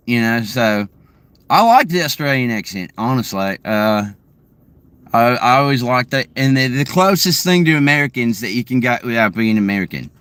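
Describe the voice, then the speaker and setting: A man's voice: mid-range voice, lively intonation, moderate pace, fairly bright tone, clean tone, no echo. A young man with a Boston-area New England accent chats loosely with viewers from his car, rambling with lots of fillers and restarts. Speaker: streamer chatting with viewers. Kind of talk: casual live chat.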